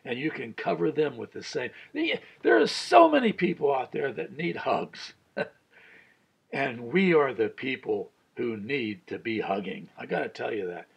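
A man's voice: medium pitch, very animated, measured pace, creaky, slightly rough. A man in his sixties, a pastor, giving an earnest Bible study sermon with a personal story, chuckling as he tells it.

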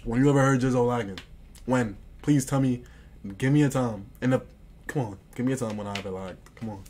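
Young male streamer, casual slangy boasting, repeats himself, mid pitch, faint background noise. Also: a little fast, a little mellow. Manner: slangy, boastful, repeats phrases, often drops to a mutter. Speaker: livestreamer. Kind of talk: casual stream chat, reading and answering chat.

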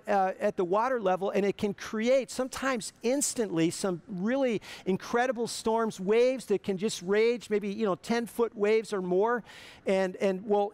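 High, clear-voiced man preaching a sermon. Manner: earnest, repetitive restarts, conversational preaching. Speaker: pastor.

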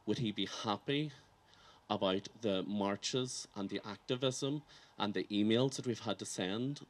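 A man speaks earnestly at an outdoor ceremony, his voice sitting a little low. He is reflective and sincere, and he builds his points with rhetorical questions. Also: a little hiss or hum. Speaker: campaign organiser giving a speech. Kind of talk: public ceremony speech.

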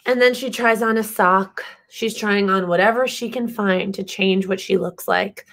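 A woman co-authoring and narrating her children's picture book, explaining the story in an expressive way. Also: medium pitch, normal speed. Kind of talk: picture-book read-aloud and talk.

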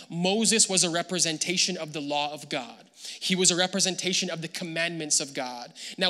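A man preaching a sermon as pastor, animated and acting out the people he quotes. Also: high-pitched, in a large hall. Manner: animated, acts out quoted voices. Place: church hall.

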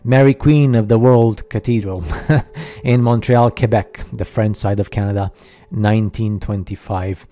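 Guy narrating a slideshow, super mellow dark voice, halting, lots of ums, kinda skeptical. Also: on the low side, fairly even intonation. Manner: halting, skeptical, many fillers. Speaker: video narrator. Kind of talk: casual voice-over over slideshow.

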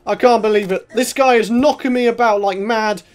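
Young guy, let's play commentary, excitable, laughs a lot, yells when stuck. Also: high voice, normal speed. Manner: excitable, shouts when in trouble, laughs often. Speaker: gaming channel host.

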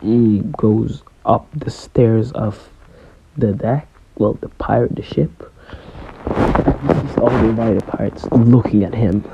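Slow, hesitant man telling a fan story. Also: on the low side, steady tone, gravelly, muffled recording, very noisy. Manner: hesitant, full of fillers. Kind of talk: casual fan story narration.

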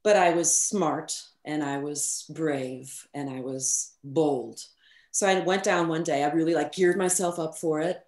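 A middle-aged woman with a fairly low-pitched voice tells stories as a guest in a casual interview. She is frank and animated, swears casually and fills her sentences with "um" and "you know". The sound is roomy and echoey. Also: unhurried. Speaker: guest recording engineer. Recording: roomy echo.

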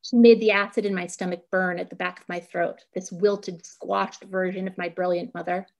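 A woman's voice: fairly low pitch, flat delivery, moderate pace, gravelly. A woman in her thirties reading her own prose poetry aloud at a community reading, with an intense, vivid delivery.

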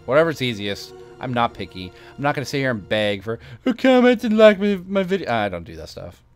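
A male game host talks through his playthrough in a loose, offhand way, dropping sarcastic asides. His pitch jumps around expressively. Faint music plays in the background. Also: big pitch swings, a little fast. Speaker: gaming channel host. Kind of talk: casual let's-play commentary.

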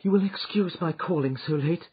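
A woman's voice: normal speed, husky. A man voicing a distraught, frightened young woman who pleads for help, in a dull lo-fi recording. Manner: pleading, high and breathless.

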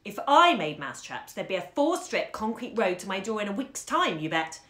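A woman's voice: medium pitch, very animated, fairly quick, a bit bright. A woman reading as a playful, boastful grown man. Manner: jaunty, boastful, theatrical. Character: playful grown man spinning a tall tale for children. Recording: roomy echo.

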